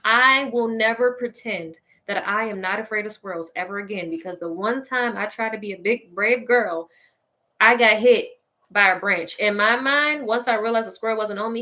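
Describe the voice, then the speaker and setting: A woman with a medium-pitched voice hosts a show, addressing her listeners directly as she tells a funny personal story with animated exclamations.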